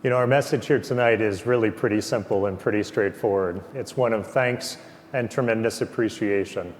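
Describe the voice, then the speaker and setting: A man's voice: fairly low pitch, fairly quick, long reverb tail, slight background noise. A man hosting a virtual scholarship event from a lab turned into a studio, earnest and stopping often to restart his sentences. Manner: earnest, with frequent fillers and restarts. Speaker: host, development officer.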